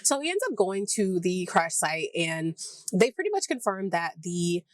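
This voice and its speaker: A woman's voice: lowish voice, very animated, normal speed, no room sound. Chatty Southern woman recapping a show. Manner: rambling, chatty, heavy use of "like", acts out characters' lines. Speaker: TV review vlogger. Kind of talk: casual episode recap.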